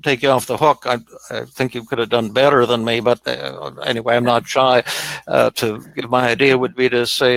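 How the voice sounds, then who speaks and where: Gravelly, bright-voiced older man. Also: medium pitch, little pitch movement, dry recording, poor audio. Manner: gentle, halting with repeated words. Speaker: psychiatrist host. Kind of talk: live Q&A chat.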